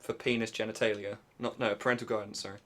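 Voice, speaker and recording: A man's voice: on the low side, little pitch movement, fast talker, fairly bright tone. A young man live streaming while he builds something, chatting casually with crude, self-deprecating jokes and muttering to himself as he works.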